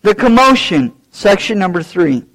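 A male pastor preaching a sermon, swinging between loud, raised lines and low, quiet asides. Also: sing-song, moderate pace, low-quality recording.

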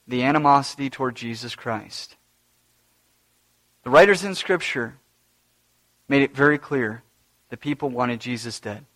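A man preaching a sermon in a dramatic way, swelling to loud emphasis and then dropping low.

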